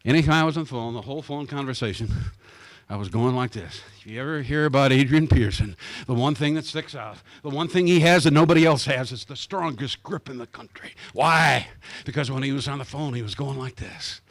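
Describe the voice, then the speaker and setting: A man from Iowa giving a lively guest speech at a club meeting, acting out the people he quotes. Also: mid-range voice, a little fast, no echo. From Iowa, USA. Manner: animated, acts out the people he quotes. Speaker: guest speaker. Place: country club meeting room.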